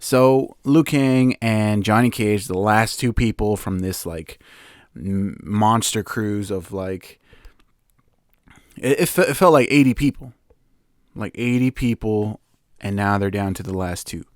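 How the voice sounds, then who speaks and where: A man's voice: lowish voice, a little slow, dry recording, clean studio sound. Rambling young man recapping a film. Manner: rambling, animated retelling with many fillers and laughs. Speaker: podcast host. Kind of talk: casual movie recap.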